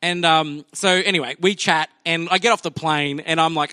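A man's voice: a little high, fairly even intonation, moderate pace, bright, forceful tone, clean tone, dry recording, clean studio sound. A man preaching a sermon in a church, telling a personal story in a chatty anecdotal way and acting out the voices of people in it. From Australia.

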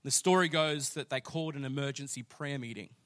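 A pastor in his late 30s preaches a sermon, his mid-range voice moving fairly quickly as he tells a story. His passion rises steadily until he is declaring loudly.

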